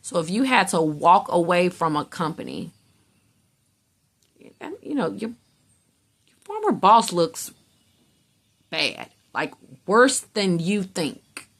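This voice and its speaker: A woman's voice: on the low side, big pitch swings, takes it slowly, long pauses, a bit bright, slightly rough. A woman giving a casual tarot reading in a blunt, emphatic way, swearing freely and acting out how other people react. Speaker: tarot reader.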